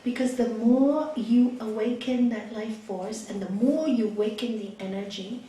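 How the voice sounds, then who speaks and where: A woman yoga teacher giving an expressive spiritual talk, telling a story in a meditation hall. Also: fairly high pitch, moderate pace, a little hiss or hum. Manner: expressive, lively, with laughs and hushed asides. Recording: echoey room from a distant mic.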